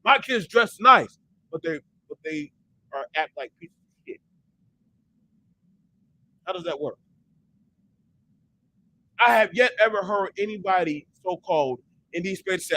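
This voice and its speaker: Profane, animated man with a bright, lively voice. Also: high-pitched, unhurried, long pauses, rough recording. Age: adult parent. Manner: profane, emphatic, animated, mimics others in quotes. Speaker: online talk show host. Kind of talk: heated casual rant.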